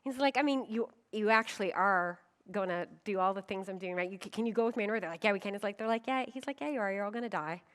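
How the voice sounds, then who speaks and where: A woman's voice: mid-range voice, fast talker, few pauses, a bit bright. A middle-aged woman pastor giving a conference sermon, telling stories with humor and acting out quoted voices. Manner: humorous, with frequent laughs.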